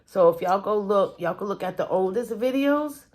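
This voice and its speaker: A chatty woman vlogger cooks in her home kitchen, addressing viewers directly and occasionally murmuring asides as she goes. Her medium-pitched voice has lively intonation, a moderate pace, and a slightly mellow warmth.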